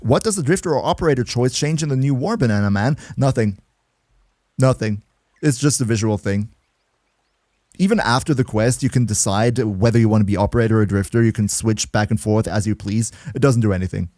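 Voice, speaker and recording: A man's voice: medium pitch, brisk, a little mellow, dry recording, studio quality. A man streaming a game live, chatting casually, laughing often and answering viewers in the chat as he plays. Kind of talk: casual livestream gameplay commentary.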